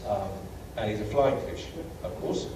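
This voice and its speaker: British guy lecturing, mellow voice, self-deprecating storyteller, distant echoey hall with faint hiss. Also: lowish voice, normal speed. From Britain. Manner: anecdotal, self-deprecating, many fillers. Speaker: guest lecturer. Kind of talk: humorous travel lecture.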